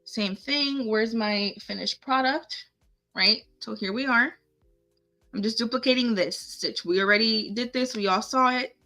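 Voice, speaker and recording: A woman hosts a casual live craft lesson, thinking aloud and chatting with her viewers as she goes. Her voice is bright and her pace is unhurried. Faint music plays behind her. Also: on the high side. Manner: chatty, talks to herself and viewers while clicking. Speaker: craft tutorial host. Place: home setup, live stream.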